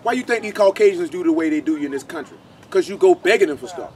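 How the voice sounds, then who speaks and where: A man leads an informal scripture lesson, his voice pitched high for a man. He talks in blunt street slang and keeps hitting the listeners with rhetorical questions. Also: lively intonation, fast talker, a little mellow, a little hiss or hum. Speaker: Bible teacher.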